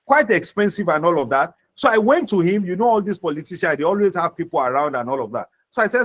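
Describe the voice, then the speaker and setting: A man with a Nigerian accent teaching a soft-skills class as a vocational trainer, repeating key points and acting out sample dialogues. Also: sits high, sing-song, a little fast, hardly any pauses. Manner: repetitive, acts out example dialogues.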